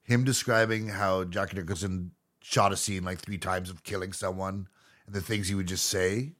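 A man's voice: sits low, steady tone, moderate pace, a bit bright. A man co-hosting a podcast, chatting casually and throwing in wisecracks. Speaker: podcast co-host. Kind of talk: casual chat.

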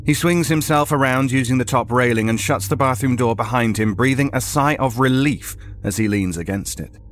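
A man narrating a horror story in a measured, storytelling way. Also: medium pitch.

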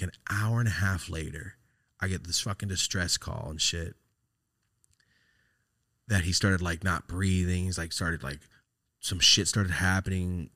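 A man's voice: low voice, no echo, clean studio sound. A man, casually telling a story on his podcast, swearing and laughing as he talks. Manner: profane, animated, laughs while telling. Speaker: podcast host.

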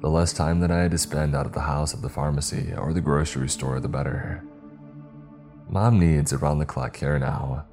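Male horror storyteller, very low voice, steady delivery, faint music behind. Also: moderate pace. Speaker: narrator.

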